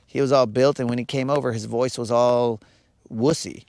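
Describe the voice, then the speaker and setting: A man's voice: medium pitch, fairly even intonation, normal speed, a little mellow, no room sound. A man hosting a live fishing stream from his boat on a lake, chatting casually, joking around and answering his viewers' comments as he talks. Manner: joking, rambling, reads and answers chat. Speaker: fishing livestream host.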